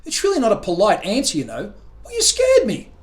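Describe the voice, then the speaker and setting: Man doing a fussy little squirrel, prim and emphatic, voice pitched up, storybook read-aloud. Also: wildly swooping pitch, fairly quick. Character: chatty, opinionated male squirrel.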